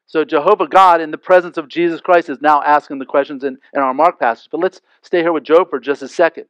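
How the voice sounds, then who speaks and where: A man's voice: a little high, steady tone, quick pace, a bit bright, smooth, no echo, highs cut off. Chatty man preaching a sermon. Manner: conversational, with frequent asides and rhetorical questions. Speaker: pastor.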